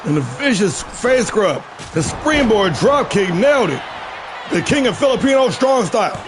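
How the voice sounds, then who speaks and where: High-voiced, excitable male game commentator. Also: normal speed, noisy background. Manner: excitable play-by-play with shouted calls and profane asides. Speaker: stream host and play-by-play commentator. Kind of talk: live-streamed wrestling video game commentary.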